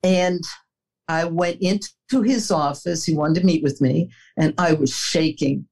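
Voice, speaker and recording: Older lady guest, earnest storyteller, kinda low voice, laughs a bit. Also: measured pace, darkish tone, breathy edge, rough recording. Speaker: interview guest, former executive. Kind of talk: reflective interview answers.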